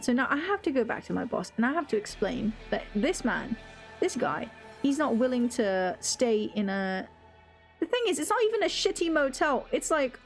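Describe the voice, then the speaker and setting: A young woman streaming a game, chatting casually with viewers in a rambling, swearing, off-the-cuff way. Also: a little high. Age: young adult. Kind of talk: casual live-stream chat while gaming.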